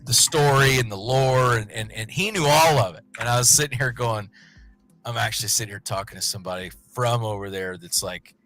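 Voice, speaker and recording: A man's voice: medium pitch, a little fast, fairly bright tone, faint music behind. A young man, co-hosting a casual chat show and telling a story with lots of restarts. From West Texas. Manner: rambling storyteller, many restarts. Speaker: podcast co-host.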